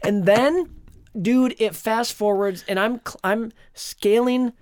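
A man co-hosting a podcast, telling a long dream in a rambling, animated way with lots of fillers. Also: high-pitched, slow pace, slight background noise. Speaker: podcast co-host. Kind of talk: casual chat, retelling a dream.

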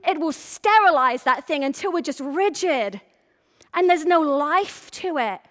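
A woman preaches to her church in a loose, chatty way and slips into quick voiced asides. Her voice sits high. The sound carries a long reverb from the sanctuary. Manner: casual, animated preaching with quoted asides. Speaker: pastor. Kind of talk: sermon.

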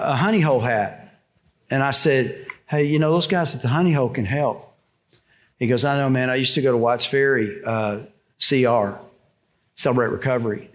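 Older male pastor, conversational sermon storytelling, mid-pitched voice, frequent restarts. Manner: conversational, repeats words and restarts, drops low and soft for quoted lines.

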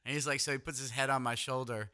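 A young man co-hosting a casual podcast, teasing his friend with crude jokes and quick interjections. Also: mid-range voice, level tone, pushed and bright. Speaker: podcast co-host. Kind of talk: casual banter.

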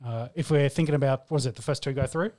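A man's voice: medium pitch, fast talker, warm tone. A man co-hosting a casual sports chat, easygoing and agreeable. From Australia. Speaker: podcast co-host.

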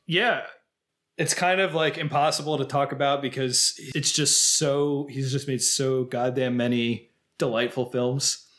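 A man's voice: mid-range voice, fairly even intonation, unhurried, fairly bright tone. A man co-hosting a podcast, chatting casually about films and laughing easily. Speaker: podcast co-host. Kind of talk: casual film chat.

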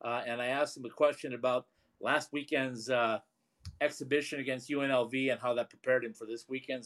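A man's voice: mid-range voice, fairly even intonation, brisk, a bit bright. A man hosting a sports radio show, chatting casually with plenty of fillers and restarts. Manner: rambling, filler-heavy, chuckling.

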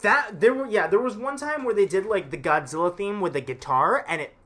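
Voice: mid-range voice, a little fast. Laid-back co-host with a mid-range voice, casual and profane. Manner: relaxed, swears casually, tells scenes in detail. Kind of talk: casual chat.

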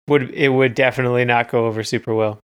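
A man co-hosting a podcast, talking in a relaxed, wry way with a few hesitant fillers. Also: medium pitch, normal speed, clean tone. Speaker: podcast co-host. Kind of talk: casual chat about music.

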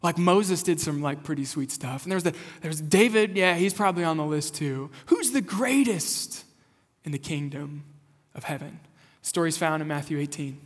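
A young lead pastor from rural Kansas preaches a lively, conversational sermon with a fairly high-pitched voice. He asks the congregation questions and keeps a friendly, engaged manner. His voice rings with a long reverb through a church sanctuary. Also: a little fast.

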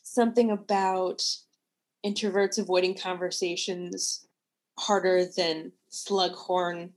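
A woman co-hosting a casual book-talk show, enthusiastic and quick to laugh as she gives her opinions. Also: fairly low pitch, little pitch movement. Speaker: podcast co-host.

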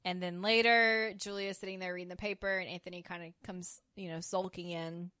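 Woman podcast co-host, animated, plays every character's lines, dry booth. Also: lowish voice, a little fast, no echo. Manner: animated, acts out quoted characters with laughter. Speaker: podcast co-host recapping a TV episode. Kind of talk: casual chat.

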